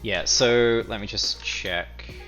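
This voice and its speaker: A man's voice: lowish voice, takes it slowly, bright, forceful tone, highs cut off. A man narrating a tabletop game as game master, easygoing and full of fillers, over background music.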